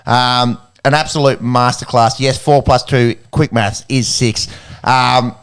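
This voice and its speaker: A man's voice: medium pitch, steady tone, measured pace, a bit bright, smooth. A man with an Australian accent, co-hosting a casual sports podcast in a jokey, rambling way. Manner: jokey, rambling, lots of fillers. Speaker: podcast co-host.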